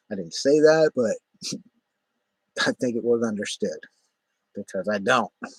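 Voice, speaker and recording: Man, low husky voice, rambling profane storyteller, dry close sound. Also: normal speed, long pauses, no echo, poor audio. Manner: rambling, profane, many fillers. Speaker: vlogger. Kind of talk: casual spoken storytelling.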